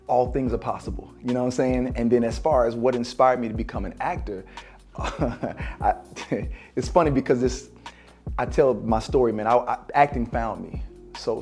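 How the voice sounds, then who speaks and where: A man's voice: medium pitch, dark tone. A man in his forties, an actor and former teacher, speaking in a sit-down interview in a reflective, spiritual, casual way with many fillers. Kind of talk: sit-down interview, talking to camera. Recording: music playing underneath.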